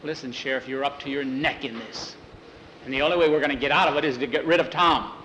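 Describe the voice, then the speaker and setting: A man voicing a bossy adult cattle thief who pushes his partner hard and talks fast. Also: medium pitch, sharp tone, slight background noise, lightly acted, low-quality recording. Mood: scheming.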